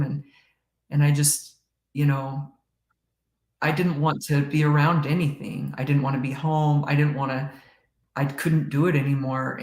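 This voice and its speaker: A middle-aged woman telling her own story in an earnest, halting way, with quick laughs between lines. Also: low voice. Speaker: podcast guest. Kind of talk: emotional personal storytelling. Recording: roomy echo.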